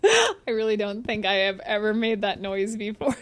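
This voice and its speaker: A young woman streaming a horror game live, chatting to her viewers, jumpy and quick to swear, shrieking and laughing whenever something startles her. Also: medium pitch, very animated.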